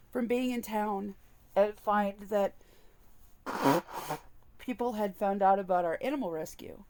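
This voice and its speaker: Woman vlogging her own story, earnest and open, middle pitch. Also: unhurried, long pauses, dark tone. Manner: earnest, candid, openly emotional. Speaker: vlogger sharing personal experience. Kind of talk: personal storytelling to camera.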